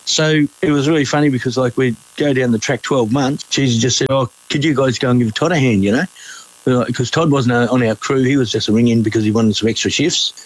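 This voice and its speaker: A man's voice: mid-range voice, brisk, low-quality recording. Laid-back middle-aged Australian man. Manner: laid-back, acts out quoted voices, chuckles. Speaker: interviewee, former miner. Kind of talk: casual storytelling.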